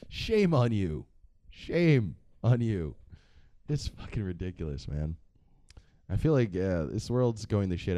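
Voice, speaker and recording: A man's voice: fairly low pitch, dark tone, dry recording. A man hosting a vlog, giving casual, joking commentary that rambles along with plenty of swearing. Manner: profane, joking and rambling with frequent laughs. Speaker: vlog host.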